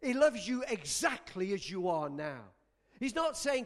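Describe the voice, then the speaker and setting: A man's voice: very high voice, sing-song, moderate pace, fairly bright tone. A male pastor preaching a sermon in an emphatic style, repeating lines for stress.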